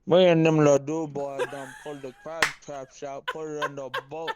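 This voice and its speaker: A man's voice: on the high side, flat delivery, normal speed, a crowd in the background, voice pushed down, natural voice. A groggy man with a swollen tongue voicing a rowdy Cajun bayou man in a phone voice message from a backyard. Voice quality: thick, slurred speech from a swollen tongue. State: groggy after anesthesia. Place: outdoors in a home backyard.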